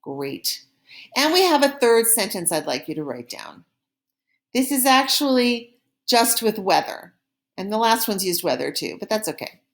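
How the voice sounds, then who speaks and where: A woman teaching a recorded French lesson, explaining in a friendly classroom way and saying model phrases slowly and clearly for repetition. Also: medium pitch, very animated. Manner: slow, carefully pronounced model phrases for repetition; friendly classroom explaining with small slips and laughs.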